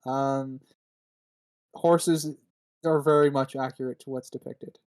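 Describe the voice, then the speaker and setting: A man's voice: medium pitch, fairly even intonation, slow pace, darkish tone, clear, resonant tone, no room sound. A man co-hosting a casual film review chat, playful and laughing, often restarting his sentences. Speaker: podcast co-host.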